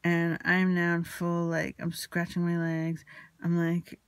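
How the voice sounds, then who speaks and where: A woman recounts a painful day in a confessional, rambling way, anxious and still shaken. Her voice has a gravelly, creaky texture. The sound is dry and close, with no room around it. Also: lowish voice, completely flat delivery, unhurried, no room sound. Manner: anxious, rambling, retelling a quarrel with quoted dialogue. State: emotionally shaken. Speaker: vlogger. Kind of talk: confessional personal storytelling.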